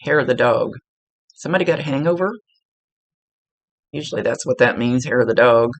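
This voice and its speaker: A woman working as a psychic medium, giving a casual, chatty reading, blunt and quick to laugh, with the odd swear. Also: extremely low pitch, no echo. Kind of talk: casual spoken reading for a client. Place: indoors at a table.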